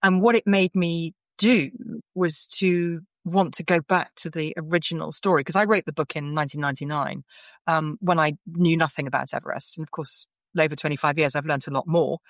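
A woman's voice: deep voice, a little fast, dry recording. A middle-aged woman, an author being interviewed, telling stories and acting out the dialogue. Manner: animated, acts out quoted dialogue, frequent restarts. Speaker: author guest. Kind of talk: conversational interview storytelling.

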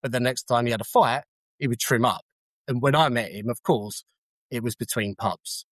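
A man, a cab driver telling lively anecdotes in a casual interview and acting out the shouts in his stories. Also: medium pitch, normal speed, no room sound. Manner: animated storyteller who jumps to shouts when acting out scenes.

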